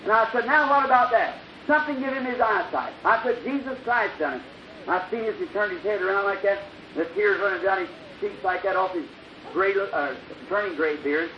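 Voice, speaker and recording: A man, preaching in an old-time revival sermon, his voice high and thin. He tells a story and acts out each speaker, rising to loud bursts and dropping to hushed lines. The recording is dull and lo-fi, with a steady hiss. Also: brisk. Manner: storytelling, acting out dialogue with sudden loud bursts and soft drops.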